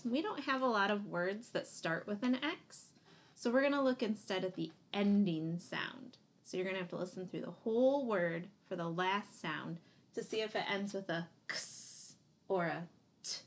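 A woman teacher giving a phonics lesson to young children, sounding out letters and praising answers. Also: medium pitch. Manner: slow, encouraging, sounding out letters.

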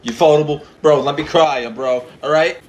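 A man's voice: on the high side, normal speed, darkish tone. A man reacting to an anime episode, talking back to the screen, swearing and getting emotional.

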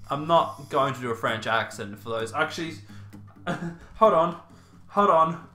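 A young man rambles through an unboxing in a chatty, self-mocking way. His bright voice jumps all over the place. It rings around a roomy space, with faint music behind him. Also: fairly high pitch, very animated, unhurried. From Australia. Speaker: YouTuber. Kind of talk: casual unboxing vlog.

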